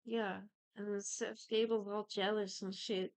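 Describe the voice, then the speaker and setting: A young female podcast co-host talks through a TV series in relaxed, rambling chat, swearing and quoting characters in brief asides. Her voice is medium-pitched with little pitch movement, captured on a dry recording.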